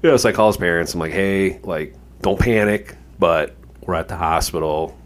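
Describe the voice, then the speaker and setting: A man's voice: low-pitched, normal speed. A man co-hosting a podcast, telling a rambling, profane anecdote in casual chat, full of "like" and "you know". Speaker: podcast co-host.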